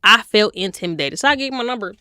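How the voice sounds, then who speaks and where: A woman in her twenties chatting on stream, telling stories in a slangy, animated way with sudden jumps in pitch. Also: fast, clear, resonant tone, no echo, clean studio sound. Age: 20s. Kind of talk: casual storytelling chat on stream.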